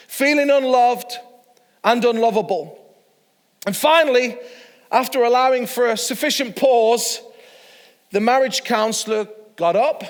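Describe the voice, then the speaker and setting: A man with a fairly high voice leads an online church sermon and tells a story with easy chuckles. His voice carries a long, ringing reverb. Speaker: pastor.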